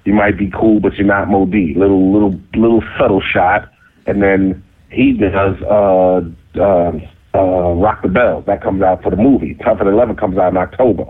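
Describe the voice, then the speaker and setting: A middle-aged man telling a story in casual talk, cocky and animated, jumping into high squeaky voices for the people in it. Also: normal speed. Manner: cocky, self-mocking. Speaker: interview guest. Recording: phone-like narrow sound.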